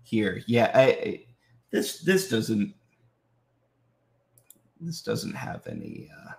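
A man hosting a live autograph signing, chatting casually and greeting viewers by name, slightly sick so his voice sits a little deeper than usual. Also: huge pitch swings, takes it slowly, creaky, darkish tone. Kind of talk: casual livestream chat.

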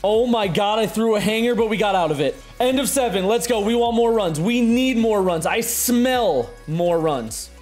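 A young man giving excitable live commentary on his own video game play, muttering one moment and shouting the next. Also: sits high, normal speed, hardly any pauses, faint music behind. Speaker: gaming streamer.

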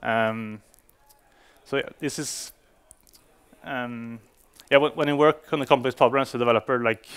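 A man's voice: medium pitch, fairly even intonation, normal speed, a bit bright, smooth. A man giving a conference talk to developers, speaking English as a non-native speaker, with frequent fillers and restarts. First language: Swedish. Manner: hesitant, many fillers and restarts.

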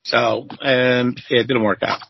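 A man guest on an interview show, telling animated, profane stories and acting out quotes in a high voice. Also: unhurried, vocal fry, husky, no room sound, lo-fi sound. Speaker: interview guest, former chef. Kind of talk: casual storytelling.

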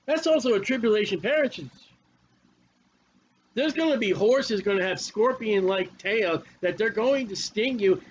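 A man's voice: sits high, dull audio, a little hiss or hum. A man preaching a fiery, confrontational sermon with a lot of repetition.

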